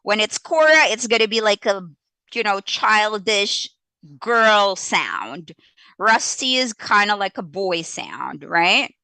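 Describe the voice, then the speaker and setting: Slow, bright-voiced woman teacher. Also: mid-range voice, no room sound. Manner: animated, models exaggerated reading voices. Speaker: ESL teacher. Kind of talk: live-streamed teaching tips.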